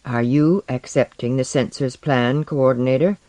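A man's voice: a little high, very animated, normal speed, a little mellow, no echo. Stiff formal guy, curt and disapproving, narrator doing him. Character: formal, disapproving male scientist.

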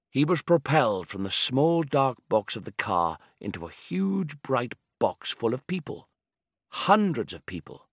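Calm male audiobook narrator, dry sound. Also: mid-range voice, no room sound. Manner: measured, calm and descriptive.

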